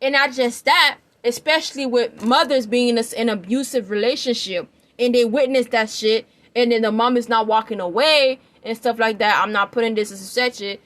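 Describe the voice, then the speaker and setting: A woman shares her opinions in a rambling, emphatic vlog, frequently checking that the listener is keeping up. Her voice is a little high and a bit bright, at a normal speed.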